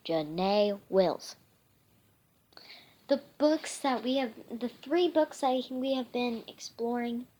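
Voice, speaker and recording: A woman hosting a storytime, reading a picture book aloud in a halting way with frequent restarts. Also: high voice, steady tone, darkish tone, slight background noise. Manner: halting, self-correcting, restarts words.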